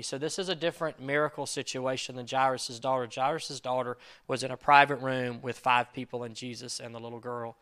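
A male pastor, earnest and forceful, preaches a sermon in a bright mid-range voice at a moderate pace with a steady tone. He acts out quoted prayers and lines, shifting between loud emphasis and quiet, intimate asides.

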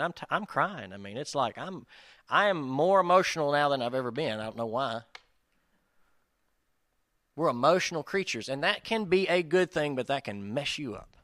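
Male preacher, conversational and self-deprecating, mid-pitched voice, dry close recording. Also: sharp tone, no echo. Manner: casual, self-deprecating, addresses listeners as guys. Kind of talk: conversational sermon.

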